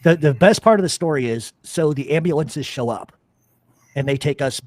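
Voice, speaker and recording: A middle-aged man hosting a podcast, telling stories in a profane, animated casual chat. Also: on the high side, normal speed, no room sound, studio quality. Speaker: podcast host.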